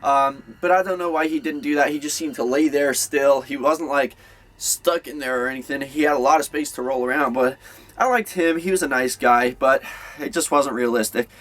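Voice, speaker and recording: A man's voice: medium pitch, normal speed, fairly bright tone. A young man giving a casual, rambling movie review, full of fillers and restarts.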